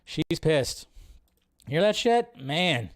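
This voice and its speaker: A man hosting a live stream, reacting to a movie trailer in an excitable, rambling way and swearing freely. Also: on the high side, very slow. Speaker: host. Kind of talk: casual live-stream commentary.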